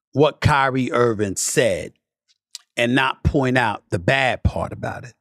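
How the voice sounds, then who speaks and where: A man hosting a sports talk podcast, delivering an emphatic commentary monologue that climbs into passionate lists and drops into low, muttered asides. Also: no room sound, studio quality. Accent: New York. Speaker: podcast host.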